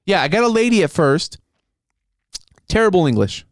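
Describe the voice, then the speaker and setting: A man casually telling a story in an animated, profane way, peppered with "like" and "dude.". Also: high-pitched, moderate pace, no room sound, clean studio sound. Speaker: storyteller in a podcast chat. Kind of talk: casual chat.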